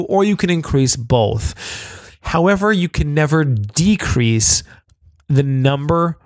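A man's voice: mid-range voice, animated, slow pace, dry recording. A man co-hosting a podcast, explaining game rules in casual chat, rambling with lots of fillers and restarts. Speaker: podcast co-host.

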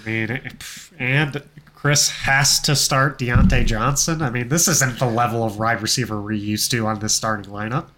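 A man with a mid-pitched, ordinary voice chats casually as a podcast co-host. He is easygoing and likes to brag a little in good humour. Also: fairly even intonation, moderate pace, sharp tone, a little hiss or hum. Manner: playfully boastful, easygoing. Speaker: podcast co-host and league commissioner. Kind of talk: casual chat.

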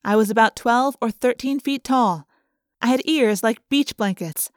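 A woman narrating a children's audiobook in a playful, expressive storytelling manner. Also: a little high, unhurried, no room sound, studio quality.

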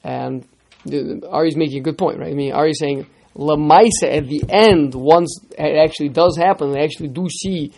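A man teaching a text study class, lively, firing rhetorical questions at his students and repeating words as he starts sentences. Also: fairly high pitch, normal speed, gravelly. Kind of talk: interactive text lesson.

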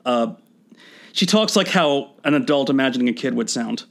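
A man's voice: medium pitch, lively intonation, moderate pace, vocal fry. A man co-hosting a podcast, riffing on a film in a wry, rambling way. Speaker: podcast co-host. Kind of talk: casual film commentary.

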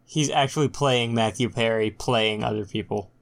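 A man's voice: medium pitch, moderate pace. A man in casual podcast chat, adding short, dry interjections to his co-host's story. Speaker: podcast co-host.

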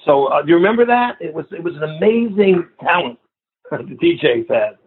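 Older male guest on a phone line; husky, slightly higher pitch, lively raconteur. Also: moderate pace. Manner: animated storyteller, laughs often. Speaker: guest musician. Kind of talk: casual interview chat.

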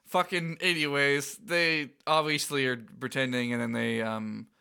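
A man co-hosting a laid-back podcast, recapping a video game between laughs and swear words. His voice sits in an ordinary middle pitch. The tone is bright and a little pushed forward. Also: steady tone, slow, gravelly, clean tone. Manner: laughing, swearing, playful banter. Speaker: podcast co-host. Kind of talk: casual chat recapping a game.

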